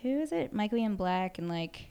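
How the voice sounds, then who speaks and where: A woman's voice: medium pitch, moderate pace, creaky, clear, resonant tone. A woman in a casual chat, telling a story with lots of fillers. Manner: animated storyteller, many fillers, laughs often. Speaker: guest.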